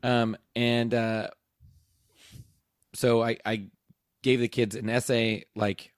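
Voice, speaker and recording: A man's voice: medium pitch, little pitch movement, slow, no room sound, clean studio sound. A man who works as a teacher, casually telling a rambling story and acting out the dialogue, laughing as he goes. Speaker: teacher and podcast host.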